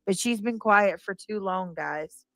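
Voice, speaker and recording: A woman's voice: medium pitch, measured pace, fairly bright tone, dry recording. A woman speaking indignantly and defensively on a livestream.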